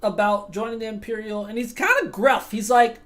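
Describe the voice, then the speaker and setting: A woman's voice: fairly high pitch, brisk, a bit bright. A young woman streaming a fantasy game, narrating role-play with giggles, swearing and easy distraction. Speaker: gaming streamer. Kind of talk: casual role-play gaming commentary.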